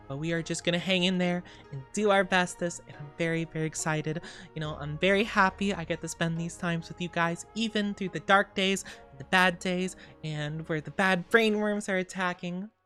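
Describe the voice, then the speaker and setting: A woman's voice: lowish voice, a bit bright. A woman streamer chatting casually with her viewers in a gushing, bubbly way, full of cute slang and repeated well-wishes. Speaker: streamer reading chat. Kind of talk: casual livestream chat.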